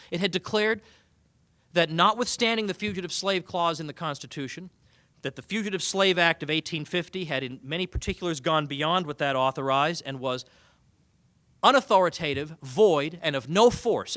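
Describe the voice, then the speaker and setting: A man delivers a humorous keynote at a banquet, his bright voice swinging widely in pitch. He talks with an animated, sarcastic edge. The sound is dry and close. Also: no room sound. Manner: animated, sarcastic, mock-quoting opponents. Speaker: keynote speaker. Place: banquet hall.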